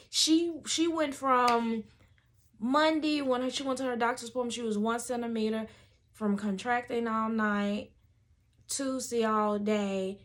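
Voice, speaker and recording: Bright, animated woman storyteller. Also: fairly high pitch. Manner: lively, acts out voices of people in the story. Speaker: doula.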